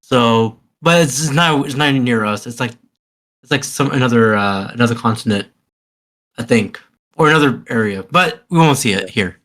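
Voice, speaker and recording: A keen man talks at a middle pitch in loose, casual podcast chat. He gets excited easily and trips over his words, restarting sentences as he goes. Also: normal speed. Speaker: podcast co-host.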